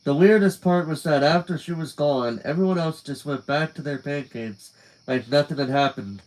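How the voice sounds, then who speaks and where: In a low-quality live stream recording, a man reads a novel in a fairly high but darkish voice at a moderate pace. His delivery is casual and conversational, with phrases that trail off and frequent chatty asides to his viewers.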